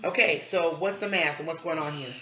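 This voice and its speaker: A homeschooling parent coaching a young child through word problems, with quick praise and repeated phrases. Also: mid-range voice, bright, forceful tone, slight background noise. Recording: echoey room, slightly dull sound.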